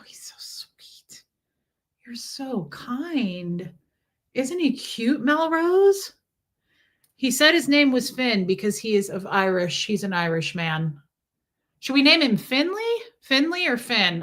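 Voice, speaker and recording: A woman's voice: medium pitch, a bit bright. A middle-aged woman hosting a casual livestream, chatting and reading out viewer messages. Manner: chatty, reads out chat messages, coos at a kitten. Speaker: livestream host.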